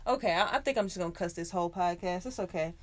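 A woman's voice: lowish voice, fast. Woman on a podcast just chatting, cusses a lot, laughs a bunch, totally frank. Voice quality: frank, profane, laughs often. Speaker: podcast co-host. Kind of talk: casual chat.

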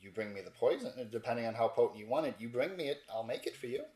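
A man voicing a tall, regal woman who makes potions and greets her customers warmly. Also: mid-range voice, expressive, fast, reverberant, close to an everyday voice, low-quality recording. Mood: businesslike.

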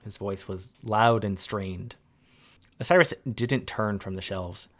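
A man reading game lore aloud in a calm, steady storytelling manner. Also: lowish voice, slow pace.

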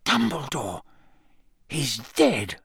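A man's voice: on the high side, huge pitch swings, extremely slow, gravelly, fairly bright tone, husky, no room sound, clean studio sound, exaggerated voice. A man doing a flustered, pushy official. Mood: aghast. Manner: agitated and insistent. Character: flustered middle-aged male government minister.

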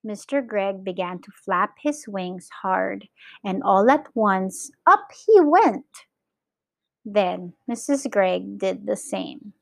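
A woman teacher reading a children's story aloud, in slow, clear storytelling with lively character voices. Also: mid-range voice, no room sound. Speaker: English teacher.

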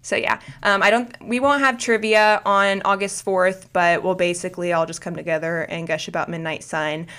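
A woman's voice: lowish voice, fairly even intonation, moderate pace, hardly any pauses, fairly bright tone, clean tone. A woman guest chatting casually on a podcast, talking in a loose, rambling way with many fillers and restarts. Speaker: guest, book video creator.

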